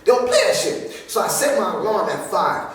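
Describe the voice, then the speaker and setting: A young man hosting a podcast, telling a story in an animated, profane way, packed with slang and fillers. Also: high voice, brisk. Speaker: podcast host. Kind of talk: casual comedic storytelling. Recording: echoey room, mic far off.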